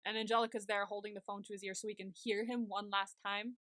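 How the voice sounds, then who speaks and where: Bright-voiced young woman recapping a show. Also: medium pitch, quick pace, no room sound. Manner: animated retelling with frequent "like" and fillers. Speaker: podcast co-host. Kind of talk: casual TV recap chat.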